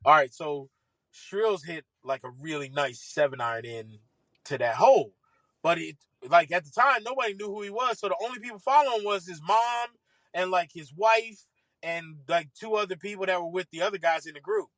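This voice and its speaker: High-pitched, bright-voiced man telling stories. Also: no echo, rough recording. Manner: lively, laughs while telling stories, swears casually. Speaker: golf caddie, podcast guest. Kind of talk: animated anecdote storytelling. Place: podcast studio.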